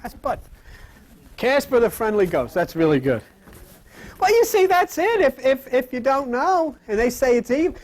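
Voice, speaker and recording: Animated man giving an informal sermon. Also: very high voice, normal speed. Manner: lively, conversational, acts out quoted voices. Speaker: spiritual teacher. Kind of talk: informal sermon to a live audience. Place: room with live audience.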